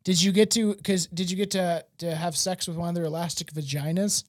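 A man's voice: high-pitched, steady tone, fairly quick, no room sound, studio quality. A man hosting a podcast, rambling casually with frequent laughs and swearing. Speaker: podcast host.

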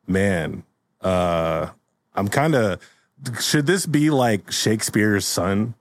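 Low-voiced man riffing casually. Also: animated, slow. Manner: rambling, laughs often, trails off. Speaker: podcast co-host. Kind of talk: casual comedic chat.

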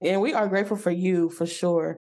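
A woman's voice: on the low side, fairly even intonation, brisk, mellow. Chatty woman hosting a faith podcast. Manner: chatty, playful, church-flavored banter. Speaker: podcast host. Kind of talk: casual podcast interview.

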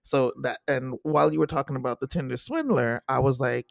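A young man chatting casually on a podcast, lively and quick to act out what people said. His voice has a gravelly fry, recorded dry and close with no room around it. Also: dry recording. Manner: animated, acts out quotes in high voices. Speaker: podcast co-host. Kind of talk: casual chat reviewing a TV series.

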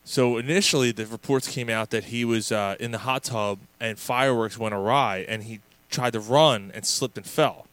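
A man co-hosting a casual sports podcast, telling stories in an animated, profane way with many restarts. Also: mid-range voice, normal speed, hardly any pauses, no echo. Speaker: podcast co-host.

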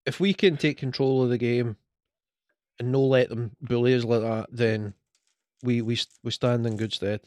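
A man co-hosting a sports watch-along podcast, giving measured analysis with some dry teasing. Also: mid-range voice, fairly even intonation, darkish tone, dry recording. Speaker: podcast co-host.

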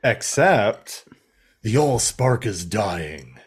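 Male podcast co-host, playful and unhurried, bouncy intonation, quick to laugh. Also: on the low side, very animated, breathy edge. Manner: playful, laughs often, jokey asides. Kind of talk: casual joking chat.

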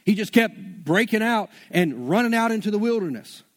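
Man preaching, high-pitched, laid-back and conversational with slang. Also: expressive, normal speed. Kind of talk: sermon.

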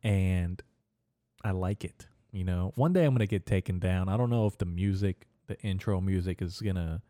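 A young podcast host rambles crudely and profanely through a casual solo monologue, laughing at his own jokes. His voice is low-pitched and warm at a normal speed, recorded in clean studio sound with no room sound.

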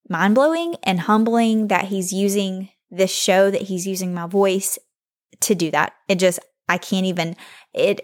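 Young woman podcast host, solo, earnest and heartfelt, mid-range voice. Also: mid-range voice. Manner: earnest, heartfelt, faith-focused.

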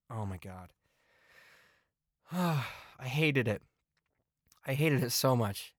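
A man's voice: fairly low pitch, dry recording, clean studio sound. Blunt, profane man reviewing albums. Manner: rants with repeated complaints. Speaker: podcast host.

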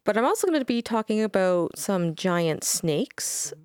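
A woman's voice: mid-range voice, sing-song, unhurried, a little mellow, clear, resonant tone. A woman co-hosting a podcast, chatting casually and reading quoted passages aloud. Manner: laid-back, reads quoted passages aloud. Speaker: podcast co-host.

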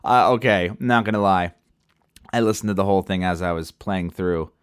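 A man's voice: deep voice, normal speed, clear, resonant tone, dry recording, studio quality. A man hosting a podcast in a casual, chatty way, sipping wine as he talks. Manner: animated, chatty, loose and profane. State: sipping wine while talking. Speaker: podcast host. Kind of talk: casual chat.

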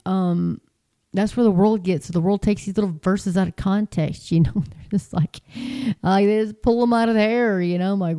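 A woman's voice: medium pitch, warm tone. A woman talking in a casual, rambling way, full of fillers and restarts, sounding exasperated and incredulous. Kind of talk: casual commentary.

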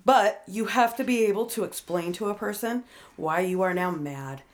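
A woman's voice: medium pitch, moderate pace. Blunt, foul-mouthed woman explaining. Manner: blunt, heavy swearing, animated explaining. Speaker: friend giving advice. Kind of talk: casual chat.

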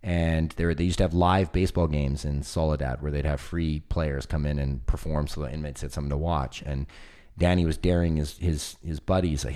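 A man with a very low, deep voice chatting casually. He tells long stories with lively energy and slips into the voices of the people he quotes. The talk is loose and conversational. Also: brisk, clear, resonant tone. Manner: animated storyteller, acts out quoted voices. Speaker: film producer guest. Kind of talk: casual chat.

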